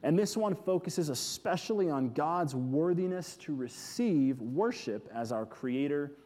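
A man preaching a sermon, earnest, repeating key words and letting them fall soft. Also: on the high side, lively intonation, measured pace, long reverb tail. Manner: earnest, with emphatic repetitions falling soft. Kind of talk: sermon teaching on scripture.

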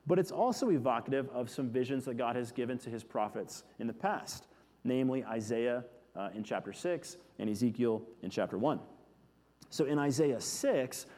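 Male preacher, mid-pitched, earnest teaching sermon, echoing hall. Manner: earnest, with emphatic repetitions falling soft.

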